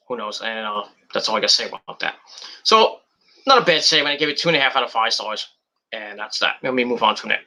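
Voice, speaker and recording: A man's voice: fairly high pitch, pushed and bright. A man casually reviewing a wrestling show, rambling with lots of fillers and mocking paraphrases of what people said.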